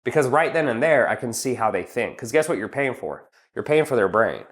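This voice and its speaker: A man's voice: mid-range voice, expressive, a little fast. A man giving casual business advice as a coach, blunt and emphatic, swearing freely and calling the listener "bro" while he walks through numbered steps.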